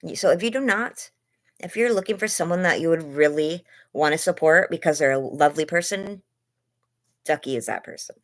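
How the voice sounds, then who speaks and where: Chatty low-voiced woman livestreaming from bed. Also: fairly quick. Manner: chatty and rambling, gushing greetings to viewers by name. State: losing her voice, lungs hurting. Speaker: livestream host. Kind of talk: casual livestream chat with viewers. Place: in bed at home.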